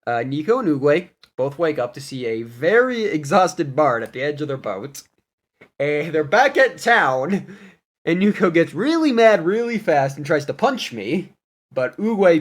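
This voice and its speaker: Animated young man recapping his game. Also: on the high side, unhurried. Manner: animated, laughing, goofy retelling. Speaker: player recapping a campaign. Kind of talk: casual storytelling recap.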